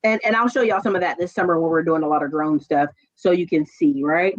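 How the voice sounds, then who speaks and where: A woman chatting casually on a stream, telling stories with quick asides. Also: sits low, muffled recording. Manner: animated storytelling, quick asides. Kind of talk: casual chat.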